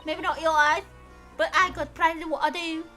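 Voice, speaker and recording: A brash young street pickpocket with slangy swagger, as a woman game streamer voices her. The voice sits very high and sounds sharp and bright. Faint music plays behind. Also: little pitch movement, normal speed. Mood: cocky.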